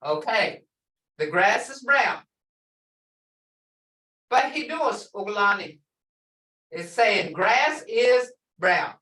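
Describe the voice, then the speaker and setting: A middle-aged woman teaching a language class, drawing out words slowly and carefully as she explains. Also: mid-range voice, distant mic. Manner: lively, drawn-out teaching with slow spelled-out phrases. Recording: echoey room, voice a bit off-mic.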